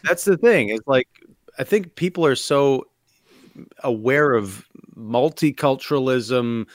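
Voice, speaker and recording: A man's voice: mid-range voice, animated, slow pace, dry recording, clean studio sound. A man co-hosting a film podcast, hesitant and searching for words, with sarcastic asides. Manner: hesitant, lots of fillers and restarts, sarcastic asides. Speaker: podcast co-host. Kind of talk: casual film discussion.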